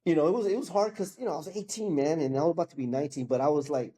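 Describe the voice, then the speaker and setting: A man in his fifties tells his personal story in an easy, animated way, acting out the people involved. His voice sits a bit high for a man, with a warm, mellow tone. He keeps sprinkling in "bro" and "man.". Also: racing. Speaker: guest sharing his testimony. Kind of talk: casual storytelling.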